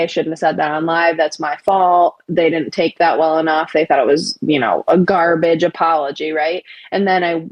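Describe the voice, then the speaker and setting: A woman's voice: lowish voice, dry recording, lo-fi sound. A woman guest on a live stream, telling her side of a story in a blunt, casual way, swearing often and using many fillers. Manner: blunt and profane, with frequent fillers.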